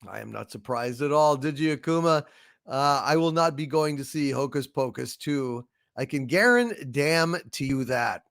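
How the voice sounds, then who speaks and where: A male livestream host reading out donations in an excited, emphatic way. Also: medium pitch, measured pace, creaky, no room sound, studio quality.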